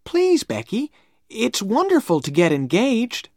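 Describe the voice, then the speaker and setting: A woman's voice: low-pitched, very animated, slow, dry recording, clean studio sound, pitched above the performer's own voice, exaggerated voice. A woman voicing an eager, talkative young schoolboy in an earnest, pleading way for a read-aloud storybook.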